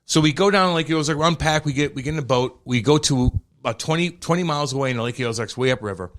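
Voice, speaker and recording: A man's voice: on the high side, fast talker. A young man with a St. co-hosting a podcast, swearing freely and telling stories with lots of energy. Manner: profane, animated storytelling. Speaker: podcast co-host. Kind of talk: casual chat.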